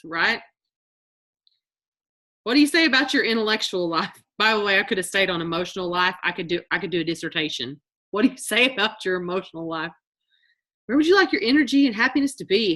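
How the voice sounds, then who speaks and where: A woman leads a motivational workshop over a video call, her voice bright and forward. She talks in an animated way and slips into mock voices to act out everyday complaints. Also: medium pitch, brisk. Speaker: motivational speaker. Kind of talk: live online workshop talk.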